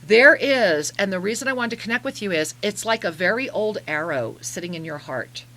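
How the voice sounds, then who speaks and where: A woman hosting a call-in radio show, giving effusive, emotional soul readings that slow into soft guided meditation. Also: medium pitch, lively intonation. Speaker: radio show host and spiritual reader.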